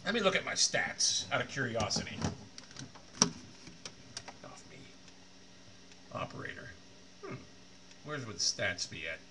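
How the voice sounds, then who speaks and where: A man streaming a shooter game, swearing often and swinging between loud frustrated rants and low muttering to himself. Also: huge pitch swings, unhurried, pauses often, noisy background. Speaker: gaming streamer. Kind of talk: live game commentary.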